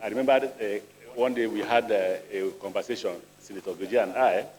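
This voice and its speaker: Speaking in a Nigerian accent, this middle-aged ministerial nominee responds to a senate hearing with measured deliberation, weaving in stories along the way. A big legislative chamber lends a long reverb to his somewhat low, dark-toned voice.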